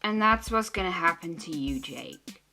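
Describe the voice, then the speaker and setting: A woman's voice: lowish voice, expressive, moderate pace, gravelly, sharp tone, faint music behind. A woman voicing several teenage girls in an amateur drama, talking in an emotional, earnest and sulky way. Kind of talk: amateur teen drama acting.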